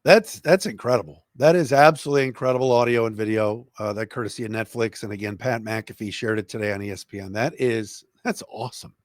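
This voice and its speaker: A man's voice: fairly low pitch, fast talker, few pauses, no echo, studio quality. A man hosting a sports podcast, a former radio broadcaster, talking with enthusiasm. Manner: enthusiastic, animated storytelling. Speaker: podcast host.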